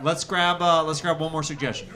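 A man's voice: on the high side, level tone, brisk. A man hosting a live improvised stand-up show, riffing casually with the comics. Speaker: host. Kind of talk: live stand-up crowd banter. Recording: live club with loud crowd and music.

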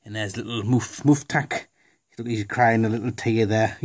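A man's voice: lowish voice, steady tone, moderate pace. A man chatting casually through a toy unboxing, jokey and rambling, with lots of fillers and asides. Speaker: toy reviewer.

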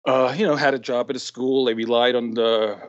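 A man's voice: mid-range voice, steady tone, brisk. Rambling New York man, muffled audio. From New York, USA. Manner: rambling, many fillers and restarts. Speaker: guest occupational therapist. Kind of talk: casual interview chat. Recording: dull lo-fi sound.

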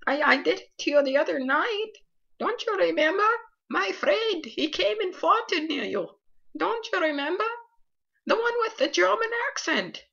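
A man's voice: extremely high pitch, very animated, normal speed, gravelly, bright, forceful tone, heavily acted. A performer voicing a cheeky, boastful creeper who giggles as he talks, in a comic skit. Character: cheeky gassy creeper with a German accent. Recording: lo-fi dull recording.

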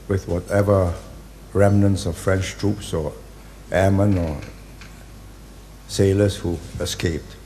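A man, giving a public speech in deliberate, halting phrases and hitting key words hard. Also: sits low, a little mellow, slight background noise. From Singapore. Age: 80s. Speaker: invited speaker.

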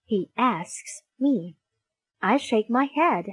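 A woman reading a children's storybook aloud with a lively, swooping delivery. She speaks slowly and fairly high, close and dry. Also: husky, dry recording. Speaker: storybook reader.

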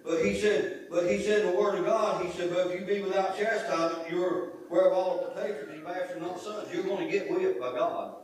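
A man's voice: sits high, steady tone, fairly quick, hardly any pauses, darkish tone. A middle-aged man preaching a sermon as pastor, talking in a folksy, conversational way and repeating himself for emphasis. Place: church sanctuary. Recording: echoey church sanctuary from a far mic.

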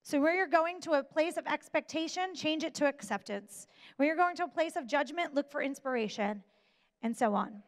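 High-voiced woman speaking in a reverberant hall. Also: lively intonation. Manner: emphatic, slow deliberate delivery with pauses. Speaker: motivational speaker. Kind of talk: motivational talk to an audience. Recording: long reverb of a large hall.

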